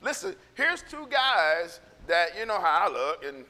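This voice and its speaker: A man preaching in a church, with a fairly high, bright voice. He rambles and repeats himself, then builds into fervent encouragement. A long hall reverb trails his words. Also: big pitch swings, unhurried. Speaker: pastor. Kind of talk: casual sermon storytelling. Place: church sanctuary.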